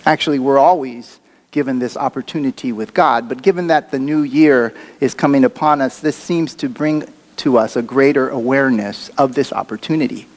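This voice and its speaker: A man's voice: medium pitch, normal speed. A man preaching a sermon as a pastor, talking in a conversational, reflective way with occasional fillers.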